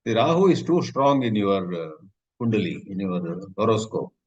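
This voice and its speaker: A man giving a scripture lecture, telling stories in a lively, conversational way and using Sanskrit terms. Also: fairly low pitch, moderate pace, husky. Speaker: spiritual teacher. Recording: slightly muffled lo-fi recording.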